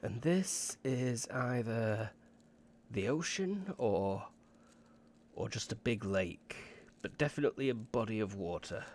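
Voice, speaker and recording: A man voicing a peering middle-aged woman scholar who muses slowly and hums as she ponders. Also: medium pitch, expressive, darkish tone, slight background noise. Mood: musing. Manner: slow, musing, ponders aloud with hums.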